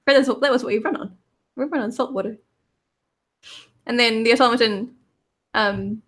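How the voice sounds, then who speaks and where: A woman's voice: on the high side, fairly even intonation, brisk, pauses often, fairly bright tone. Casual woman narrating a tabletop game. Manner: casual, rambling, many fillers. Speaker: player narrating her character.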